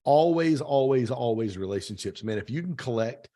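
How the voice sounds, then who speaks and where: A man's voice: mid-range voice, animated, normal speed, mellow. A man hosting a podcast interview, telling stories with emphatic repeated phrases. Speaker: podcast host. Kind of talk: casual interview chat.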